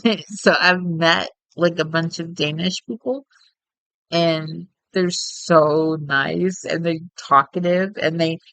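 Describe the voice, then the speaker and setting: A woman's voice: on the low side, slow, creaky, fairly bright tone, clear, resonant tone, dry recording, low-quality recording. A woman, chatting casually and at length as a streamer while she plays a game. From Texas. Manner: chatty and rambling, with frequent laughter.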